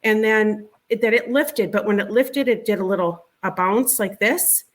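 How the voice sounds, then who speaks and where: A middle-aged woman tells a personal story as an interview guest. Her voice sits in a plain, middle pitch. She talks in a halting, conversational way, repeating words and starting over as she goes. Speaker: interview guest recounting a sighting.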